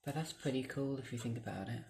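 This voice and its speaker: A young woman, vlogging at home. She swears constantly and swings between low mutters and angry shouting. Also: fast. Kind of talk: casual vlog rant. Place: home, indoors.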